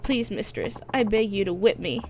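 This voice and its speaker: A woman's voice: medium pitch, normal speed, darkish tone, natural voice. A woman voicing a groveling middle-aged male masochist client, reading game dialogue on stream, pleading and squealing like a pig, with faint noise behind.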